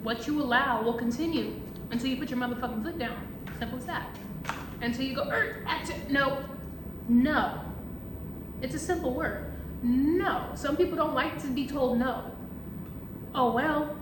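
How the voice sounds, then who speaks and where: Brief: high-voiced woman, tarot reader, blunt and profane, echoey room. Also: moderate pace, long pauses. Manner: blunt, profane, animated storytelling. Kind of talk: casual profane monologue. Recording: echoey room with faint noise.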